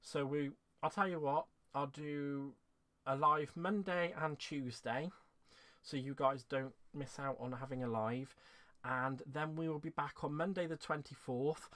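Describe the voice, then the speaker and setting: A man's voice: a little high, measured pace, fairly bright tone, no echo. A man hosting a craft live stream, speaking in a rambling, heartfelt way while emotional and close to tears. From England. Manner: rambling and heartfelt, laughing through restarts. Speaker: craft channel host. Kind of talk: live-stream sign-off chat.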